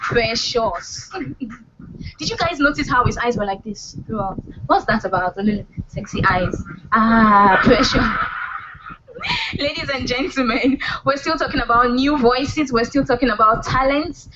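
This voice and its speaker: A woman's voice: a little high, measured pace. A woman hosting a live poetry event, speaking playfully to the audience. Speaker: event host. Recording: muffled live recording with background noise.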